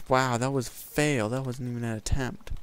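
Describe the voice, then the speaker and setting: A young man gives rambling, casual let's-play commentary over a video game, joking and poking fun at himself as he plays. His mid-range voice keeps a fairly even intonation at normal speed, with faint music in the background.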